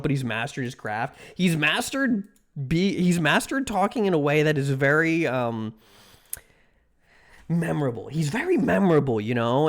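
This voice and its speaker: A livestreamer chatting casually with viewers, rambling with many restarts and filler words. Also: medium pitch.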